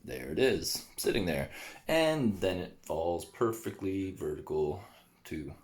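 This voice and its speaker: Low-voiced rambling man, laughing often. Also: animated, slow pace, a little mellow. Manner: rambling, laughs often between phrases, swears freely; trails off and restarts a lot. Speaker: vlogger. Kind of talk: casual rambling monologue.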